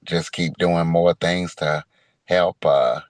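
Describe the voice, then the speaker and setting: A man's voice: low-pitched, steady tone, slow, no echo. A man answering an interview question in a hesitant, plain-spoken way. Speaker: podcast guest, motivational speaker.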